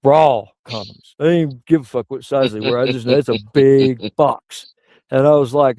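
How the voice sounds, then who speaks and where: A middle-aged man doing stand-up, rambling through crude anecdotes and jumping into high yelps. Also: expressive, brisk, few pauses, dark tone, dry recording. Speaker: stand-up comedian. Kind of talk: stand-up storytelling.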